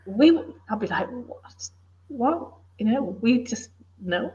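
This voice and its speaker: A woman's voice: on the high side, animated, normal speed, dark tone, slight background noise. Earnest middle-aged woman, dull audio. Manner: earnest, emphatic, plain-spoken. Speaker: author and former police officer, guest. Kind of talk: casual interview chat.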